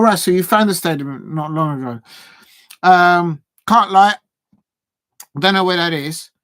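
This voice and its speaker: A man hosting a live football watch-along, chatting with viewers and getting excitable, even shouting, at big moments in the match. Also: a little high, no room sound. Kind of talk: live match reaction and chat.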